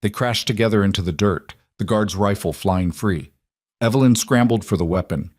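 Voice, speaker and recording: A man narrating a scripted western story in a steady, even way. His voice sits low. The sound is dry and close. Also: normal speed, no echo.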